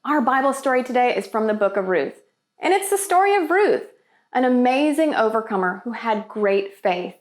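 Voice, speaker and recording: A woman's voice: fairly high pitch, very animated, moderate pace. A woman hosting a children's church video, talking in an upbeat, enthusiastic way. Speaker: children's ministry host.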